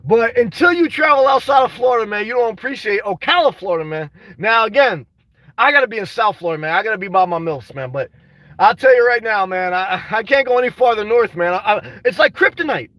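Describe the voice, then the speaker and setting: Young male streamer, high, bright voice with a dry sound; restless, emotional chat that breaks into shouting. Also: lively intonation, a little fast, no echo, recorded from a distance. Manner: restless, says "man" constantly, swings to shouting. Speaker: vlogger reading live chat.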